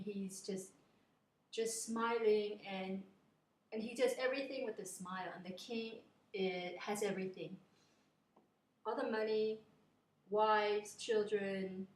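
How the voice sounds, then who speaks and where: A woman's voice: medium pitch, a little mellow, a little hiss or hum. Chatty woman retelling a tale. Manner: chatty, rambling, with fillers and restarts. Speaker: storyteller. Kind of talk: casual storytelling to a friend. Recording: echoey room.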